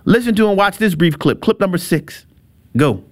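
A man's voice: high-pitched, lively intonation, normal speed. A middle-aged man hosting a show, giving an emphatic, opinionated commentary monologue with repetitions and chuckles. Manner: emphatic, repeats himself, chuckles. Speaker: show host.

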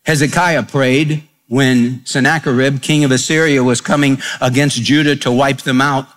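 A man's voice: mid-range voice, fairly even intonation, normal speed, a bit bright. A man preaching a sermon in a folksy storytelling way, acting out the voices in his examples. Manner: folksy storytelling, acts out quotes. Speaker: pastor.

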